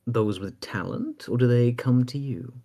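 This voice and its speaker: A man playing a curious, polite young woman who asks measured questions in a tabletop game. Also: mid-range voice, dark tone. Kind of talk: tabletop role-play.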